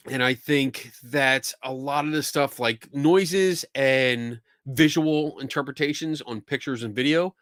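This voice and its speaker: A man's voice: medium pitch, fairly bright tone, dry recording, clean studio sound. Chatty Philly man hosting a show. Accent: Philadelphia. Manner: chatty, laughs and swears freely. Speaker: podcast host. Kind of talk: casual livestream chat.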